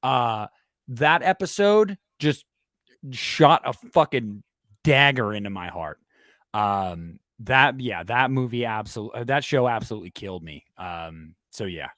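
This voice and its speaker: A man co-hosting a casual horror talk stream, animated and emotional, swearing now and then. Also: mid-range voice, a little slow, no echo, clean studio sound. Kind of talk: casual chat.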